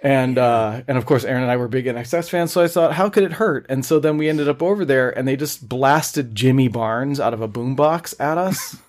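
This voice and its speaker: A man's voice: medium pitch, fairly quick, hardly any pauses. A man co-hosting a podcast, chatting casually and telling stories with laughter. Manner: animated storyteller, laughs often. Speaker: podcast co-host. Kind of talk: casual chat.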